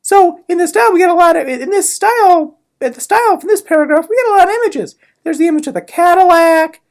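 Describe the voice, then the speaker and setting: A woman's voice: extremely high pitch, animated, quick pace. A woman giving a casual, sarcastic summary lesson on a novel chapter, with playful asides. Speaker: literature explainer.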